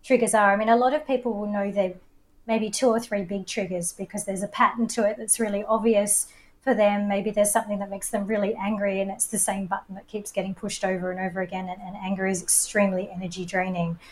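A woman's voice: medium pitch, level tone, fast, slight background noise, low-quality recording. A woman with an Australian accent, a coach and presenter, explaining ideas with confident enthusiasm. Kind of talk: explanatory podcast talk.

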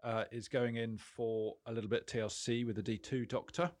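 A man's voice: mid-range voice, level tone, normal speed, darkish tone. A man co-hosting a podcast, talking about his cars in a rambling, self-deprecating way with many restarts. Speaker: podcast co-host. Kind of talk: casual banter about cars.

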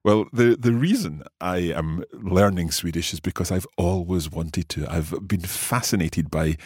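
Deep-voiced, husky male lesson host. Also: unhurried, darkish tone, dry recording, studio quality. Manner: curious, good-humoured, asks many questions. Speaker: podcast host and learner. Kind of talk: scripted language lesson chat.

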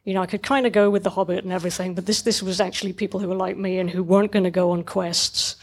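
A woman's voice: mid-range voice, fairly even intonation, quick pace. A middle-aged woman chatting casually and enthusiastically about cartoons, rambling with many restarts.

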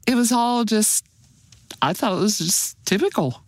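An older woman, a detective's wife, telling personal memories with lively leaps in pitch. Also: unhurried. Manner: animated, pitch leaps on emphasis. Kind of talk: personal recollection.

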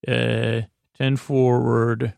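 A man hosting a sleep podcast, slowly recapping a TV episode in a meandering, halting way with many fillers. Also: medium pitch, level tone, vocal fry, darkish tone, no room sound, studio quality. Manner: meandering, halting, full of uh and restarts. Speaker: podcast host.

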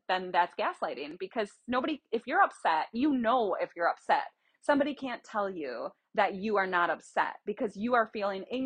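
A woman's voice: medium pitch, a bit bright. Chatty woman hosting a solo podcast. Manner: chatty, rambling, explains with examples. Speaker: podcast host. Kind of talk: casual solo podcast chat.

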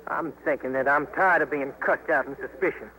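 An actor playing an earnest young trapper with a plainspoken, folksy drawl, in a 1950s radio drama. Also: male voice, fairly high pitch, fairly quick, pushed and bright, low-quality recording. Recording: hissy 1950s radio broadcast.

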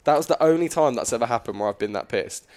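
A man's voice: medium pitch, animated, fast, darkish tone. A man casually telling a rowdy anecdote on a podcast, swearing freely. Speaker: podcast host. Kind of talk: casual chat, storytelling.

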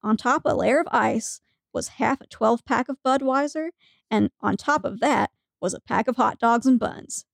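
A woman's voice: on the high side, moderate pace, creaky, no room sound, studio quality. A woman co-hosting a podcast, reading a funny story aloud with frequent giggles. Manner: giggly storytelling, breaking into laughter. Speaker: podcast co-host.

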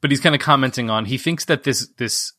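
A man's voice: medium pitch, fairly quick, sharp tone, no echo, studio quality. A man co-hosting a podcast who recaps a film scene by scene in casual chat, peppered with "like". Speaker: podcast co-host.

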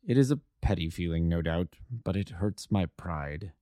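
A man voicing Sherlock Holmes, low and grave. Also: expressive, no echo, clean studio sound. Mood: bitter. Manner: low, quiet and measured, bitter resolve. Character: Sherlock Holmes, grave proud male detective.

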